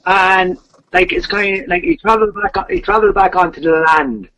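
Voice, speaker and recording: A man's voice: sits high, moderate pace, bright, forceful tone. A man telling a legend in casual, rambling talk, with repeated fillers. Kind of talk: casual storytelling. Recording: dull lo-fi podcast audio.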